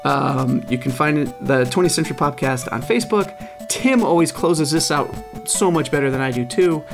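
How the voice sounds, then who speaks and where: A male podcast host closing out a casual chat, his voice a touch high and full of gravelly fry. He stops and restarts often, padding his sentences with fillers. A music bed plays clearly under him. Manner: halting, filler-heavy, friendly wrap-up.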